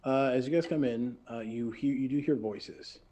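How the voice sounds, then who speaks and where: A man narrating as game master in a relaxed way, often pausing with fillers. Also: medium pitch, slight background noise.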